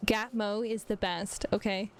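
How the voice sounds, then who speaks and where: A woman's voice: mid-range voice, steady tone, slow, slight background noise. A woman hosting a live stream in casual chat. She giggles often and talks loosely, with many fillers. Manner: giggly, chatty, lots of fillers. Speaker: streamer host.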